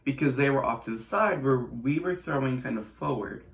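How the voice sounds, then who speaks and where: Gravelly-voiced teen boy telling a story. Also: mid-range voice, lively intonation, normal speed. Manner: chatty, sarcastic asides, rambling restarts. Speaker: YouTuber. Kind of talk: casual storytime vlog. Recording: roomy echo.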